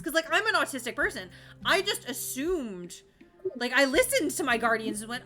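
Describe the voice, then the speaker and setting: A woman's voice: high-pitched, very animated, fairly quick, sharp tone, faint music behind. A young woman from Florida chatting casually while streaming a game, rambling, laughing often and swearing freely.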